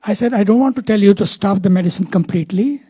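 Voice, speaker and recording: Husky-voiced spiritual teacher with an Indian accent. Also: mid-range voice, mellow, no room sound, muffled recording. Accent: Indian English. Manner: storytelling, repeats key phrases slowly for emphasis. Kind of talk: spiritual talk with anecdotes.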